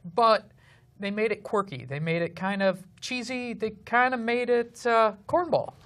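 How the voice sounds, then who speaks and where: A co-host of a film review show giving measured, critical opinions in a casual chat. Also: mid-range voice, a bit bright.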